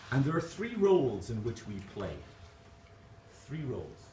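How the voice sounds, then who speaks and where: A man giving a motivational conference keynote, animated and jokey, speaking straight to the crowd. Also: medium pitch, unhurried. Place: conference hall. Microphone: distant camera mic. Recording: echoey hall, distant mic, noisy room.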